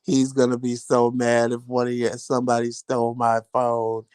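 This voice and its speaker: A man's voice: mid-range voice, completely flat delivery, normal speed, a little mellow, clear, resonant tone, dry recording. A man chatting casually to his viewers, telling a story and acting out the voices of the people he quotes. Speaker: vlogger.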